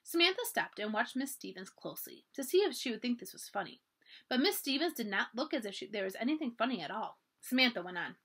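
A woman's voice: fairly high pitch, quick pace, husky. A woman reading a children's chapter book aloud for a library, telling it expressively. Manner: expressive, animated storytelling. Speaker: library storytime reader.

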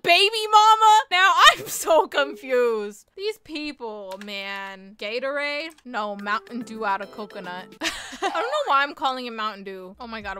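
A woman's voice: a little high, bright, forceful tone. A woman gaming YouTuber chatting casually and joking as she plays a roleplay game. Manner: bubbly, chatty, quick jokey asides.

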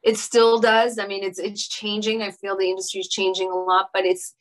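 A middle-aged actress talking through an interview in a reflective way, pausing often with fillers and restarting her sentences. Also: mid-range voice, monotone. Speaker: actress guest. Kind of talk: casual interview conversation.

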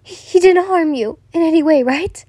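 A woman's voice: high voice, steady tone, drawn-out words, dark tone, no room sound, clean studio sound, voice pushed up. A woman voicing a frightened young woman who sobs and begs urgently. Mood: desperate. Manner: sobbing, urgent, begging.

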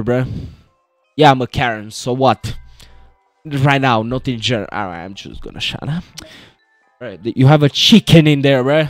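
A man's voice: mid-range voice, moderate pace, no echo, clean studio sound, faint music behind. A young man joking his way through a horror game playthrough, chatting and calling everyone "bro". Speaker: gaming video host.

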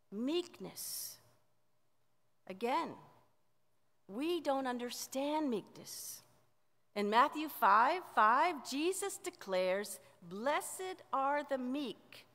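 A woman pastor preaching a sermon in a measured way, often letting line endings drop softly. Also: a little high. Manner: slow, measured preaching with soft dropped endings. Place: church sanctuary. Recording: church sanctuary with long reverb.

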